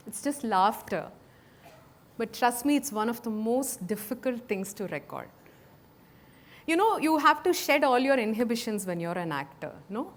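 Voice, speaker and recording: A woman with a Tamil Indian English accent, giving an animated conference talk on voice acting, explaining with examples. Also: on the high side. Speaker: voice artist giving a keynote talk. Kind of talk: conference speech with demonstrations. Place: conference hall stage.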